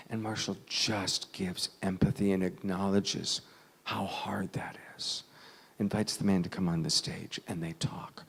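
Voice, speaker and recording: A man telling an emotional story to an audience, dramatic, dropping from loud lines to near whispers. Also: fairly low pitch, vocal fry, breathy edge.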